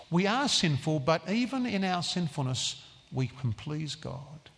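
A man preaching in a church, his bright, ringing voice rising and falling widely as he presses each point home. He speaks slowly and deliberately, and his words carry a long echo through the hall. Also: on the high side, sing-song, breathy edge. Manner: earnest, emphatic preaching with slow stressed phrases. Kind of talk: sermon.

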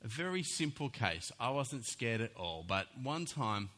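Man, pastor, sermon storytelling, bright voice, very lively pitch. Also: measured pace. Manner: animated storytelling, acts out voices.

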